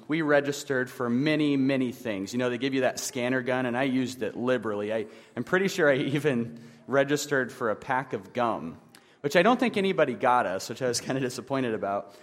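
A pastor in his thirties preaches in a relaxed, chatty way, slipping in self-deprecating jokes. His voice sits at an ordinary middle pitch and rings out with the long reverb of a large church hall. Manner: conversational, self-deprecating humor. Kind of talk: sermon.

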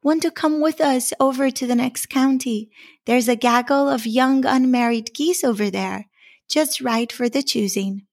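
A woman's voice: high-pitched, measured pace, darkish tone. A woman voicing two cocky young male ganders, brash and teasing.

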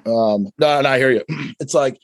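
A man interviewing a guest casually, talking in halting phrases full of restarts. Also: mid-range voice, creaky. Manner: halting, lots of fillers and restarts.

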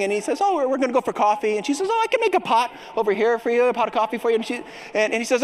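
High-voiced man preaching to an arena. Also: rapid-fire, a little hiss or hum. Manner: storytelling, rising to rousing exhortation. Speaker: keynote speaker. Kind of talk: conference keynote talk. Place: large dome arena before a crowd.

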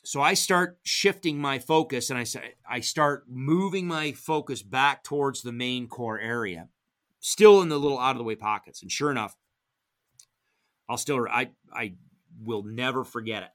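A middle-aged man telling hunting stories as a podcast guest, casual and animated, acting out quoted dialogue with big jumps in pitch. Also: normal speed. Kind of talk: casual storytelling.

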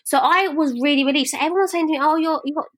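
Speaking very fast in a high voice, this woman co-hosts a podcast and spins frank stories in easygoing conversation. She brings them to life by performing the quotes herself.

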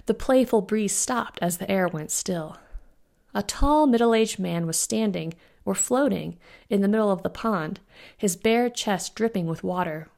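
A woman, the author, reading her own fantasy novella aloud in an even, unhurried storytelling manner. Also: mid-range voice, vocal fry. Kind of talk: audiobook-style fiction narration.

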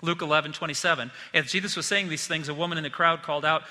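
A man preaching a sermon as pastor, telling stories in a lively, joking way. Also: on the high side, quick pace, big-room sound.

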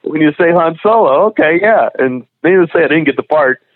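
A man's voice: fairly high pitch, lively intonation, a little fast, no echo. Comedian guy telling road stories over a tinny phone line, chuckles a lot, dry sound. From Houston, Texas. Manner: laughs through his anecdotes. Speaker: guest comedian and voice actor. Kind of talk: casual storytelling.

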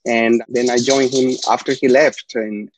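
A talkative Peruvian man with a Spanish accent tells long, rambling stories as an interview guest. His medium-pitched voice is unhurried with fairly even intonation. The lo-fi recording is dry and slightly dull, with a little hiss or hum.

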